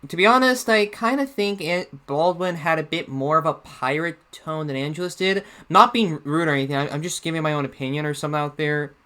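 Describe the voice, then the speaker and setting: A man's voice: a little high, brisk, hardly any pauses, pushed and bright. A man giving casual video commentary, talking hesitantly with many restarts. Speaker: YouTuber.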